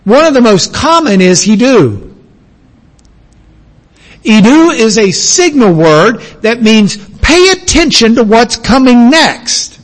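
Here a male pastor with a very high voice preaches to his congregation, moving at a relaxed teaching pace. Now and then he bursts out with loud, shouted exclamations to drive a point home. The audio quality is poor.

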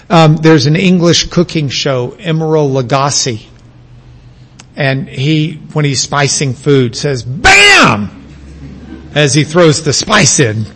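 A man preaching a sermon to a congregation, teaching at an easy pace and bursting into loud shouted exclamations for emphasis. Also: fairly high pitch, poor audio. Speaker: pastor.

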